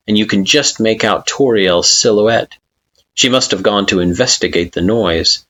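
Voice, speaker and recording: A man reading a fan-fiction story aloud with slow, expressive narration. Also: low-pitched. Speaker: story reader.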